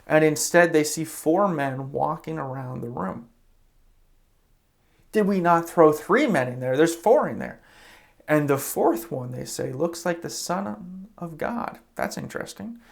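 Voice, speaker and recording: Speaking in a fairly high, gravelly voice, a man preaches as a pastor and retells scripture like a casual story. He is conversational, drops in "you know" and "like," and briefly performs the quoted characters' lines.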